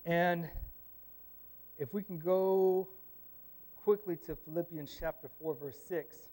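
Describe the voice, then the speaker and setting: A high-pitched man delivers a relaxed sermon in a church. He tells stories with joking asides and keeps checking in with the congregation. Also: slow pace. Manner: chatty, joking asides, frequent "amen?". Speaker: lay preacher. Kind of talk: conversational sermon.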